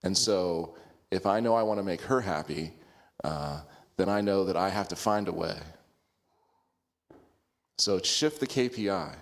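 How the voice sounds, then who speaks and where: A man's voice: low-pitched, measured pace, long pauses. A middle-aged man sharing a self-deprecating story in a group class, laughing now and then as he talks. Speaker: class participant.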